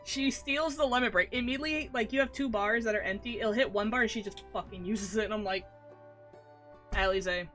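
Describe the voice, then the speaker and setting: Bright, self-mocking woman streamer. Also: on the high side, fast, hardly any pauses, soft background music. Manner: swears freely, self-deprecating, rambling. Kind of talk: casual gameplay commentary.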